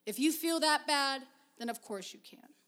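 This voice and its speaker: A plain-spoken older father, read by a woman, gruff but gentle with his daughter. The voice stays close to the reader's own, only a little rougher. It is a storybook voice for a tired dad. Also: high-pitched, normal speed.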